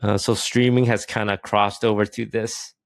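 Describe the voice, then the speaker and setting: A man co-hosting a podcast, explaining things in a relaxed, casual way with some fillers. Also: on the low side, moderate pace, no room sound. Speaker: podcast co-host, streamer.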